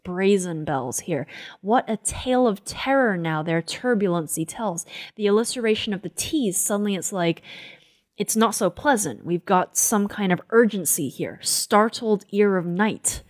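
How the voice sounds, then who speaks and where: In a dry studio recording, an animated woman of medium pitch speaks at a moderate pace while teaching a poem. She reads it aloud dramatically with rhythmic emphasis, lingers on the repeated words and goes on to explain the language.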